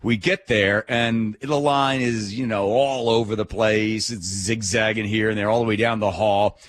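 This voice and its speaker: A middle-aged man hosting a talk radio show, telling a story in an animated, indignant rant. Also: on the low side, moderate pace, dry recording. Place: radio studio.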